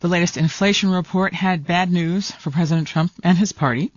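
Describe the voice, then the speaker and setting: A woman host of a morning radio news program introducing a story and questioning a correspondent calmly. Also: fairly low pitch, a little fast, no room sound, muffled recording.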